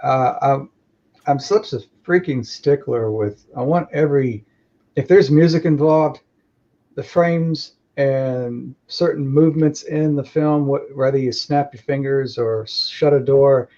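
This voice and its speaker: Male guest on a call, mellow tone, rambling casual talk, dull lo-fi audio. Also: medium pitch, measured pace. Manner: rambling, reflective, lots of "you know". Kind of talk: casual conversation.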